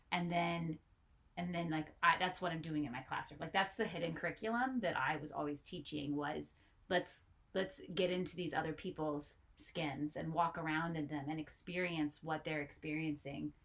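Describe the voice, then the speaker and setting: A woman who teaches English, co-hosting a podcast in a relaxed chat, often laughing and chiming in. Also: deep voice. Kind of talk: casual chat.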